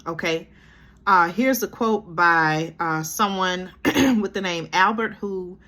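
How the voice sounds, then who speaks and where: This commentary vlogger from Georgia, USA, has a slow, low-leaning voice that's bright and forceful. As she reads a news story out loud and reacts to it, she keeps dropping in "okay?" and "y'all."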